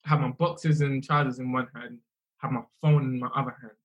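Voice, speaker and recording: A young man, a musician telling his story in a casual, animated way, often repeating himself. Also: medium pitch, fairly quick. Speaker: musician guest.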